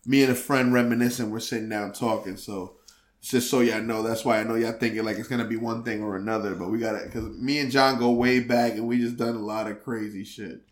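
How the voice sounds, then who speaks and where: A man's voice: mid-range voice, steady tone, fairly quick. Laughing, teasing man in casual chat. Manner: joking, teasing, laughs often. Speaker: podcast co-host.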